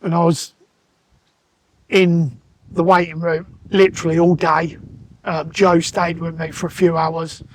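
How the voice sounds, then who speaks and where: Podcast guest: man, fairly high voice, calm and matter-of-fact, retelling events in casual chat. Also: unhurried, pauses often. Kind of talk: casual storytelling conversation.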